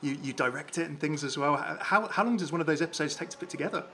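A man's voice: on the high side, quick pace, sharp tone, slight background noise. A man hosting an interview, asking questions with lots of "sort of" hedges and restarts. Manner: hedging with many "sort of" fillers and restarts. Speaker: interview host.

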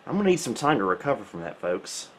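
A man hosting a retro computer channel, giving casual gameplay commentary with relaxed, wry, self-mocking asides. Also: medium pitch, fast talker, a little hiss or hum.

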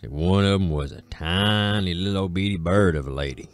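A man with an Appalachian accent telling a folk tale in a slow, drawling way, with dramatic pauses. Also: sits low, dry recording, soft background music. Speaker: storyteller. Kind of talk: folksy spoken storytelling.

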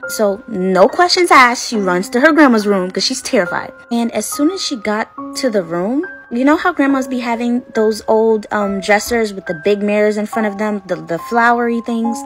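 Give me a woman narrating a spooky tale in a casual, suspenseful way. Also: medium pitch. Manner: dramatic, suspenseful. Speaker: storyteller. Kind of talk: casual spoken ghost story.

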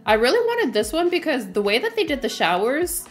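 Chatty, lively woman streamer. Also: sits high, fairly quick, faint music behind. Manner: chatty, lots of fillers, often laughs, greets viewers from chat. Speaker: game livestreamer. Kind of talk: casual livestream chat while playing.

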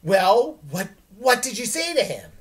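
A woman's voice: on the high side, sing-song, measured pace, pitched above the performer's own voice. A woman voicing a theatrical, self-important middle-school girl, showy and confident.

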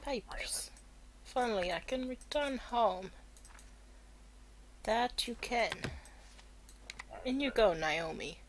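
A woman's voice: on the high side, expressive, slow, pauses often, background noise. A woman giving casual commentary while playing a video game, reading the on-screen text aloud and joking about it. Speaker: let's play gamer. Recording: game music underneath. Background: game music.

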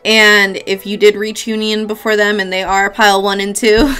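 A woman's voice: medium pitch, little pitch movement, normal speed, fairly bright tone, clean tone, soft background music. A woman giving a casual pick-a-card tarot reading, chatty and affectionate, with casual swearing. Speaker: tarot reader.

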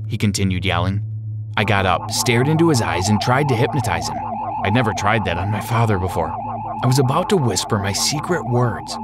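A man giving an expressive first-person narration of an animated story. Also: lowish voice, fairly quick, crowd noise.

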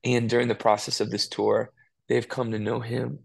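A man with a gravelly, creaky voice speaks earnestly and with feeling, pitched in an ordinary middle range. He rambles through restarts as he tells stories in a relaxed interview. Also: moderate pace. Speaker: worship musician. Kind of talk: casual interview talk.

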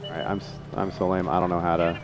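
A man streaming a tank game live, chatting excitably to teammates and viewers. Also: low-pitched, quick pace, noisy background. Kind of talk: live gameplay commentary.

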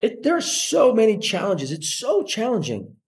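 Animated Colombian-accented man, slightly high voice. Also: normal speed. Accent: Colombian Spanish. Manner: animated storyteller acting out quoted voices. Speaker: podcast guest, actor. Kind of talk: casual interview chat.

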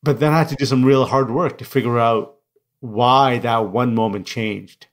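Man, middle-aged, non-native English speaker, interview guest, candid storytelling, reflective, average pitch. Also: steady tone, moderate pace. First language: non-English first language.

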